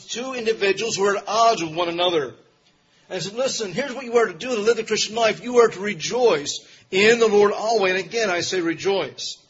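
A man's voice: sits high, fairly bright tone, slightly rough, highs cut off. A man preaching an evening sermon, emphatic, driving points home by repetition. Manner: emphatic, repeats key phrases.

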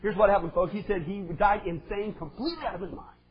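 A male preacher delivering an impassioned sermon, swinging between shouted lines and quiet asides. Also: sits high, fast, a little hiss or hum. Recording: dull lo-fi sound.

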